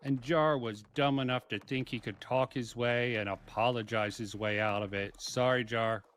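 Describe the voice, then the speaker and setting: A man narrating a scripted commentary video in a measured, argumentative way. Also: mid-range voice, steady tone, a bit bright, clear, resonant tone. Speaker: YouTube commentator.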